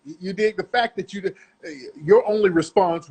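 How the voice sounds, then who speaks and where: A man's voice: high voice, normal speed, few pauses, a little mellow, husky. A middle-aged man giving blunt, profane, lecturing commentary on a video clip.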